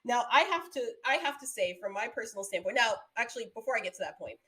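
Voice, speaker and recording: A woman's voice: a little high, fast. A young adult woman co-hosting a podcast, telling stories in casual chat with lots of laughter and acted-out screams. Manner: animated storytelling, laughs often, acts out screams. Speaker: podcast co-host.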